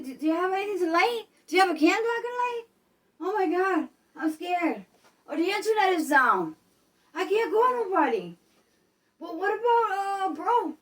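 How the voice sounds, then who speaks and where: A woman putting on a frantic grown child, pitched far above her usual speech and loud, stammering and whining as each new worry comes up. The voice sits a bit back from the mic. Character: panicky grown child begging mom for help.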